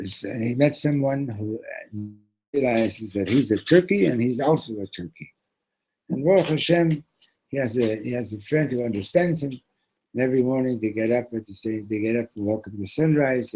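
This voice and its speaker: A man's voice: mid-range voice, warm tone, husky, rough recording. A man teaching a religious lesson through a parable, loose and conversational with restarts and Hebrew terms. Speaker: Torah teacher. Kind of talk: storytelling lesson.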